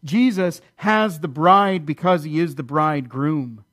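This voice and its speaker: A man preaching a sermon in an earnest, emphatic way, repeating key phrases and slowing down to stress key lines. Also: a little high, a bit bright. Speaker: pastor.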